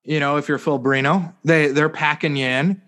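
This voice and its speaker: A man's voice: a little high, steady tone, moderate pace, fairly bright tone. A man co-hosting a casual sports podcast, rambling through a sarcastic story full of fillers and mock-serious "hypothetically" asides. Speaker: podcast co-host.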